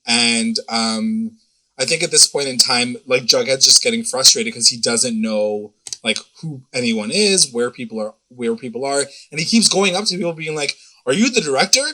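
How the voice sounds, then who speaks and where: A man's voice: medium pitch, moderate pace, pushed and bright, rough recording. A man co-hosting a podcast, recapping an episode in rambling casual chat and swearing freely. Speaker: podcast co-host.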